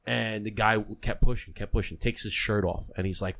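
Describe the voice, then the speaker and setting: A man's voice: fairly low pitch, fast, hardly any pauses. A man hosting a podcast, chatting casually and animatedly, acting out the people in his stories. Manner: animated storyteller, acts out voices in stories. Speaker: podcast host.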